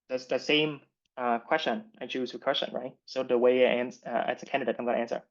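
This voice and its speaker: A man's voice: fairly high pitch, steady tone, brisk. Muffled-sounding man coaching interview skills. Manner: explains in short phrases, says "right?" and "like" often. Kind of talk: live online masterclass. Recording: muffled lo-fi recording.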